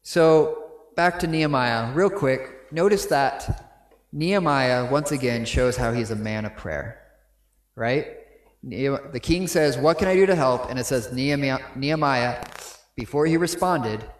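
In a reverberant church sanctuary, a man delivers a sermon in an unhurried, mid-range voice. The pastor talks conversationally and often turns to his audience with a quick "right?"

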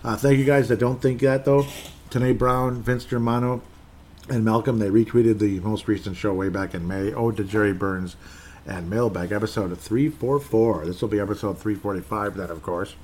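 Rambling man, lowish voice. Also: steady tone, normal speed, a little mellow, a little hiss or hum. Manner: rambling, opinionated, self-interrupting. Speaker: podcast host. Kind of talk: casual solo podcast chat.

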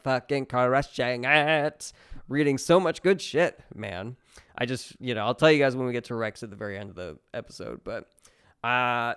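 A man's voice: mid-range voice, clean tone. A man who is a stand-up comedian hosting a podcast, rambling through a profane, self-mocking casual monologue.

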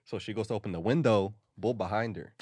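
Young guy, low husky voice, rambling slangy recap, sitting back from the mic. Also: fast talker, darkish tone, far from the mic, low-quality recording. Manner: loose, slangy storytelling with frequent "like" and laughter. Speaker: podcast co-host recapping a show. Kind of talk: casual chat.

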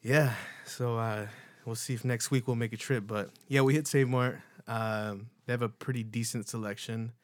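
A young man from California co-hosting a podcast, chatting in a relaxed, rambling way with casual swearing. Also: mid-range voice, normal speed, hardly any pauses, dry recording. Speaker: podcast co-host. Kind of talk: casual chat.

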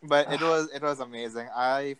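Excitable young man in casual chat. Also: mid-range voice, moderate pace, clean tone, no echo, poor audio. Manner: excitable, laughs a lot, swears casually. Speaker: friend and co-guest.

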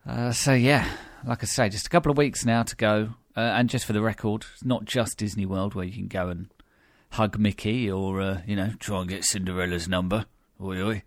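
A man's voice: lowish voice, steady tone, moderate pace, no echo. A British man hosting a podcast, chatting wryly with many fillers and restarts. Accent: British English. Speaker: podcast host. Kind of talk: casual podcast chat.

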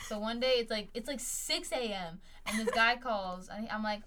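Lively young woman telling a story. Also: fairly high pitch, normal speed, few pauses, far from the mic, slight background noise. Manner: animated, acts out quoted voices. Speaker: podcast co-host. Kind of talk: casual storytelling.

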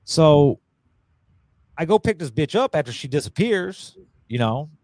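Profane, animated man telling a story. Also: a little high, measured pace, no echo. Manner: crude, profane, animated storytelling with voiced quotes. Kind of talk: casual storytelling chat.

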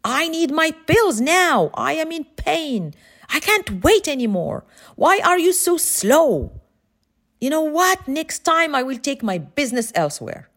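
A woman voicing an angry, impatient female customer who is in pain and complaining loudly. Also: very high-pitched, expressive, measured pace, pitched above the performer's own voice. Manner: shouting, complaining.

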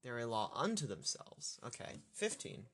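A man working through a scripture passage aloud as a teacher, thinking out loud, halting and correcting himself. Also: medium pitch, sing-song, a little hiss or hum. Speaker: Bible study teacher.

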